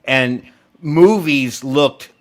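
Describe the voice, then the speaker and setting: A man talks on a casual podcast call, his voice sitting at a middle pitch. He rambles through explanations with wry asides and lets sentences trail off. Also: drawn-out words. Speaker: podcast co-host. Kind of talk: casual chat.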